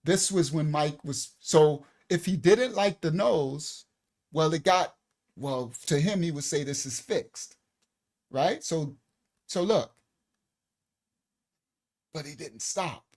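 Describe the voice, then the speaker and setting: A middle-aged male minister tells a personal story in a sermon, talking in a casual, animated way and often repeating words. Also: a little high, takes it slowly, pauses often.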